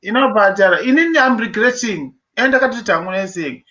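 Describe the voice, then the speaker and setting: Zimbabwean man, high-voiced, halting and thoughtful, muffled call line. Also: lively intonation, bright, forceful tone. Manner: reflective, hesitant with many fillers. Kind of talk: casual group discussion, mixing English and Shona.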